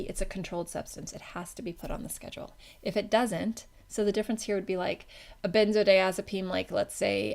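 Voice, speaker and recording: With the hiccups, a woman teaches a pharmacology class, chatting casually and frequently fixing her wording partway through sentences. It's a classroom lecture from the instructor, delivered in a medium-pitched, darkish voice with vocal fry.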